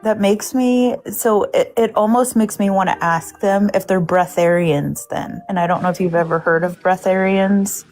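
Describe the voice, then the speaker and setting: A woman's voice: mid-range voice, normal speed, hardly any pauses, darkish tone, faint music behind. A woman co-hosting a live stream, chatting casually and joking as she thinks aloud. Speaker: co-host. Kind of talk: casual livestream chat.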